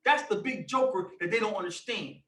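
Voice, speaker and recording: Forceful man preaching loudly, high bright tone, heard off-mic in a reverberant room. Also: brisk, far from the mic. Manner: forceful, preachy, bursts into shouting. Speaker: teacher leading a religious discussion. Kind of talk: fiery preaching.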